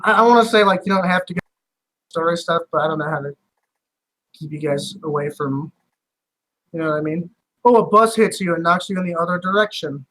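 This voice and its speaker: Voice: mid-range voice, a little fast, long pauses, a bit bright, low-quality recording. Casual game master, loose and chatty, laughs easily, filler-heavy. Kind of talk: running a tabletop game, casual.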